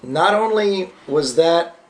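A man on a podcast, casually telling convention anecdotes in a relaxed, rambling way. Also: fairly high pitch, slow. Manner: anecdotal, relaxed storytelling with fillers. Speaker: podcast co-host. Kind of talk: casual convention recap chat.

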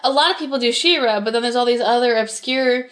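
A woman's voice: fairly high pitch, fast talker, a bit bright. A woman cosplayer chatting casually in an interview, with lots of fillers and restarts. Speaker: cosplayer guest.

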